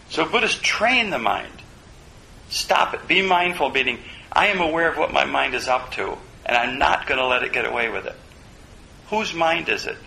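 Male Buddhist teacher, gravelly, bright tone, musing dharma talk. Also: a little high, a little hiss or hum, poor audio. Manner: reflective, asks himself questions aloud.

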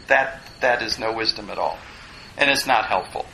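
Meditation teacher, male, bright clear tone, rambling self-deprecating class talk, faint hiss. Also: fairly low pitch, moderate pace, poor audio. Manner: digressive, self-deprecating, plain-spoken.

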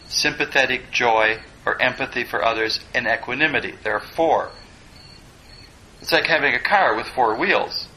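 Guy teaching a dharma class, bright voice, wanders off topic a lot, bit of hiss. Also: mid-range voice, rough recording. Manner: digressive, self-deprecating, plain-spoken. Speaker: meditation teacher.

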